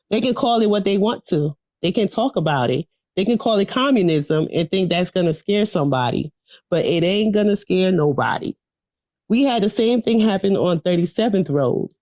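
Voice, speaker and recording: A woman's voice: medium pitch, darkish tone, dry recording, studio quality. A woman reciting a political speech to a class over a video call, in a rhythmic, preachy call-and-response manner. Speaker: political education speaker.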